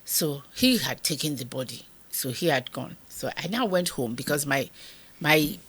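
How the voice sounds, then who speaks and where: Nigerian woman, fifties, low-pitched, emotional storytelling, acts out voices. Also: animated, normal speed, a bit bright, husky. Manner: vivid retelling that acts out the dialogue. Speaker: interview guest.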